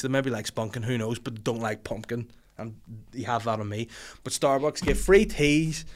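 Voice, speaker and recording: A man with a Northern Irish accent delivering a sweary, exasperated comedic rant as a podcast host, breaking into shouty outbursts. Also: mid-range voice.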